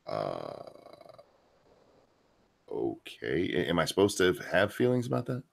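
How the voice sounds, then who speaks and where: A man's voice: low voice, huge pitch swings, a little slow, creaky. A man co-hosting a casual livestream, answering questions with dry, joking one-liners. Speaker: co-host.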